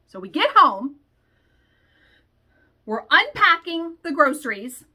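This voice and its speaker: A woman talks through a story from her weekend in a relaxed vlog chat. She is blunt and swears freely, sounding exasperated. Her voice is bright and sits a little high. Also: measured pace, long pauses. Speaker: stitching vlogger.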